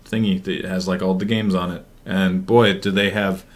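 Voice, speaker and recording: A man's voice: low-pitched, level tone, moderate pace. A man hosting a stream aftershow, chatting casually and rambling with plenty of fillers. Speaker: stream host. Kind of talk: casual chat.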